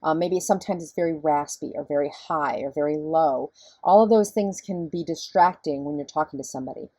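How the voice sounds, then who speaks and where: A middle-aged woman professor with a low, husky voice, giving a conversational recorded lecture and explaining things step by step. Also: fairly quick, warm tone, no echo.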